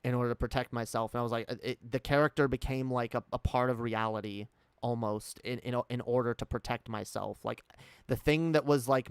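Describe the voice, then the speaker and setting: A man's voice: mid-range voice, smooth, no echo. A man talking casually and candidly into a close mic, rambling with frequent fillers and restarts. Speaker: streamer. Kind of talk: casual personal chat.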